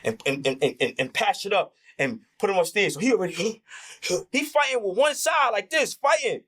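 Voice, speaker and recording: Impassioned, animated man in heated talk. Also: high voice, normal speed. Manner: impassioned, profane, acts out quoted voices. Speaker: interview guest. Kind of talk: heated candid conversation.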